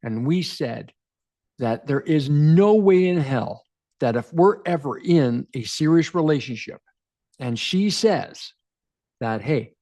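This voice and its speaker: With a fairly high-pitched voice and a slow pace, a Canadian in his forties who coaches men on relationships tells the camera a personal story, animated and emphatic, repeating phrases as he goes.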